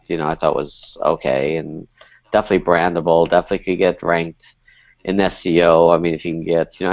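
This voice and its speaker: A deep, low-voiced man talks as a panelist in a casual discussion and keeps hedging with filler phrases. The sound is dry and dull, like lo-fi call audio. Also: no echo. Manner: hedging, lots of "I mean, you know". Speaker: panelist, domain investor.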